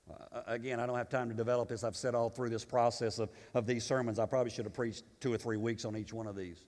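A male pastor preaching an impassioned sermon, swinging between loud declarations and quiet, confiding asides. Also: medium pitch. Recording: long reverb of a church sanctuary.

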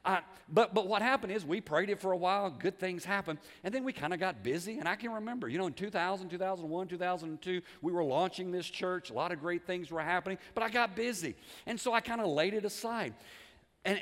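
A man preaching a sermon in a folksy, animated way, often repeating words and restarting phrases, swinging between loud emphasis and quiet asides. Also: sits high, long reverb tail. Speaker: pastor. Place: church sanctuary.

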